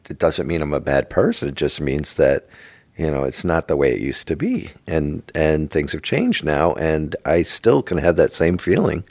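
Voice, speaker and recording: A man's voice: very deep voice, a little mellow, no room sound. A middle-aged man co-hosting a casual religious podcast, rambling and jokey, stumbling over repeated words. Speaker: podcast co-host.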